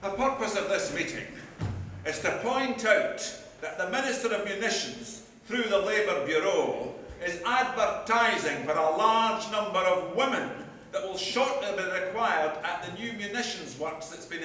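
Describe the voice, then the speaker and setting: A man's voice: sits high, bright, forceful tone, slight background noise, heavily acted. A man playing a local businessman giving a formal address to a meeting on a live stage. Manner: formal, speech-making. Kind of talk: live amateur stage acting. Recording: echoey hall recording from far off.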